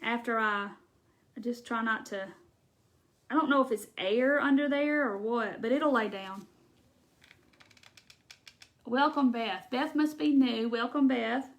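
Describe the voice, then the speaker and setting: A woman's voice: fairly high pitch, measured pace, pauses often. Chatty Southern woman crafting live. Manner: chatty, folksy, laughs often, thinks aloud. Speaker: craft livestream host. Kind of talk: casual chat while crafting.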